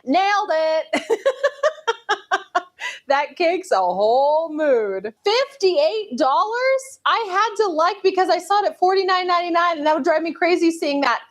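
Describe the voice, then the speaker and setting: A woman with a high, lively voice hosts casual commentary, slow and drawn-out in her sassy remarks. She sounds incredulous and amused. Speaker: host. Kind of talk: casual commentary on viral clips.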